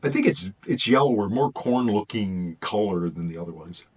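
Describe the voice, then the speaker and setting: A man's voice: fairly low pitch, animated, normal speed, darkish tone, breathy edge. Chatty man rambling through a taste test. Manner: rambling, thinks aloud between bites. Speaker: food reviewer. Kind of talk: casual taste-test vlog.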